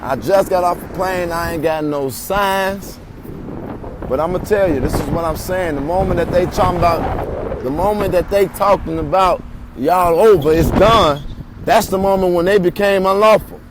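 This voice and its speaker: Guy with a pretty high voice chanting and rallying at a protest outside, phone livestream, a little street noise. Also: normal speed.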